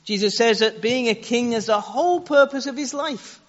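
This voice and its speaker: A man's voice: very high-pitched, moderate pace. A man preaching a sermon, earnest, leaning on rhetorical questions and shifting his pace for emphasis. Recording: echoey hall, dull lo-fi sound.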